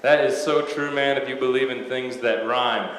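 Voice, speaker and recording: A man doing a stand-up comedy set on a club stage, deadpan with lots of "uh" pauses. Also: medium pitch. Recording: echoey live club with loud noise.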